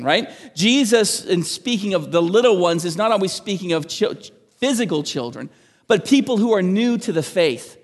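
High-voiced man preaching in a reverberant hall. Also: normal speed. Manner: animated, emphatic preaching with restarts. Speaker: pastor. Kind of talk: sermon. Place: church.

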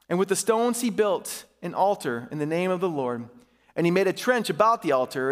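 A male pastor reading a passage of scripture aloud and pausing to explain it in plain, conversational words. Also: high voice, big-room sound. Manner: reads scripture aloud, then stops to comment in everyday speech.

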